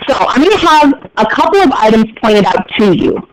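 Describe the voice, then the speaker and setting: A man's voice: very high voice, very animated, a little fast, a crowd in the background, low-quality recording. A man with an American accent teaching a class, explaining terms in a chatty way with joking asides to his students. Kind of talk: classroom lecture.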